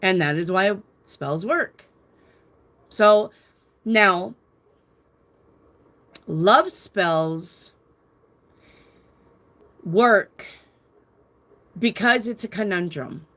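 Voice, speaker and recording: A woman's voice: medium pitch, extremely slow, pauses often, a bit bright. Emphatic woman lecturing with conviction. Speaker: tarot reader and podcast host. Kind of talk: casual talk to viewers.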